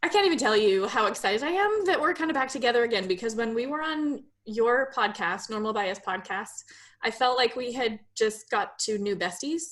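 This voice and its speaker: A woman hosting a casual podcast whose voice sits fairly high. She introduces her guests with eager enthusiasm. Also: expressive, normal speed, fairly bright tone. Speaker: podcast host.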